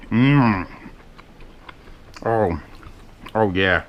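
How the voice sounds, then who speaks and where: A man talks his way through cooking in his home kitchen, his voice sitting at a middle pitch. He rambles and swears and mocks himself. A faint hiss runs under the recording. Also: expressive, normal speed, long pauses. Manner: rambling, profane, self-mocking asides. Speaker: cooking vlogger. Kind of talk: casual cooking vlog chat.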